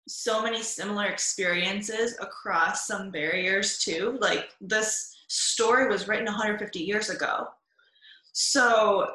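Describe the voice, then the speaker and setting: Slow, bright-voiced woman in an echoey room. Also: medium pitch. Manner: slow and thoughtful, searching for words. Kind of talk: casual podcast chat.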